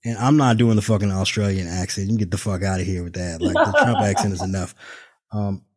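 A man's voice: sits low, quick pace, a little mellow. Profane sarcastic male podcast host. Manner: profane, sarcastic, laughs often. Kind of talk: casual political chat. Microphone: video call.

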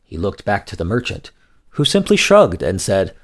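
A man narrating a scripted folk tale in a measured storytelling manner. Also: lowish voice, very animated.

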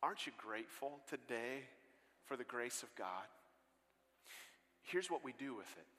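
Bright-voiced man preaching in a big hall. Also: mid-range voice, animated, measured pace. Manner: earnest storyteller, swings between loud bursts and hushed lines. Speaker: guest pastor. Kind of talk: sermon storytelling. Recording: long hall reverb.

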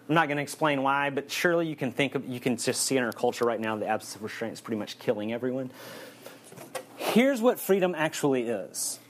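A man preaches in an easy, conversational way, joking with the listeners as he goes. His voice sits at a middle pitch. He builds his points on a repeated refrain. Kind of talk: sermon.

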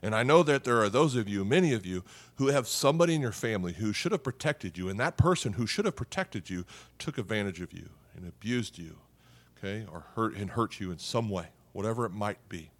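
A middle-aged man preaching a sermon as a pastor, talking conversationally, often tagging points with "okay?" and "right?", and going soft and quiet on serious points. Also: on the low side, lively intonation, brisk. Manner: drops softly on serious points.

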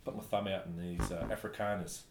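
A man from New Zealand telling travel stories in casual chat, animated and laughing often. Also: deep voice, a little fast, gravelly. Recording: echoey room, faint background noise.

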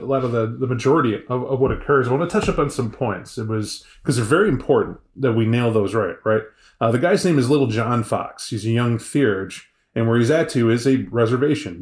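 A man's voice: medium pitch, animated, fairly quick, echoey room. A man co-hosting a podcast review, making emphatic points and checking in with "right?" as he goes. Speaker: podcast co-host. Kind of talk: casual review chat.

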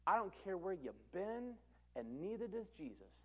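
A man pastor preaching a sermon, animated, swinging between loud emphatic calls and quiet conversational asides. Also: high-pitched, normal speed.

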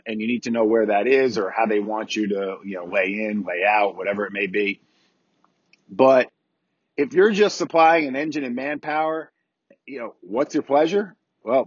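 A man's voice: mid-range voice, breathy edge, dry recording, lo-fi sound. A man, a volunteer fire chief hosting a podcast, giving casual instructional talk in a plainspoken way, repeating key points and asking rhetorical questions.

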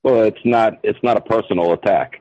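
A man's voice: lowish voice, a little fast, highs cut off. A man taking part in a text class, explaining his view in plain words. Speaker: student in the class. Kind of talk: class discussion.

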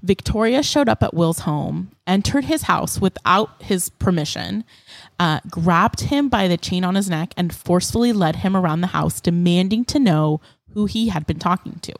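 Woman podcast co-host, low register, dry close mic, chatty storyteller. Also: normal speed, dry recording. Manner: animated storyteller with many fillers. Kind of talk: casual true-crime chat.

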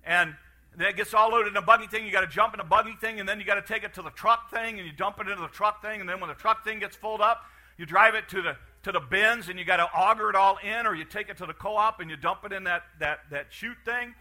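Bright-voiced animated male preacher. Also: high-pitched, fast talker. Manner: animated, repetitive restarts, acts out farm scenes. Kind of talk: sermon.

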